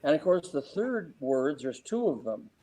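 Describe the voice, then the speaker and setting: Mellow-voiced man giving sales advice. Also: fairly high pitch, unhurried, low-quality recording. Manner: lively, acts out client exchanges. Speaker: real estate sales trainer. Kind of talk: interview advice.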